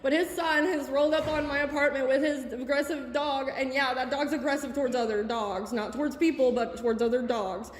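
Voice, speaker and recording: Panicking woman shouting in an echoey office. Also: high voice, fairly even intonation, a little fast, few pauses, a little hiss or hum. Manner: agitated, loud and tearful. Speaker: tenant making a complaint. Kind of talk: heated confrontation filmed on phone. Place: indoors, apartment complex office. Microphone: phone camera.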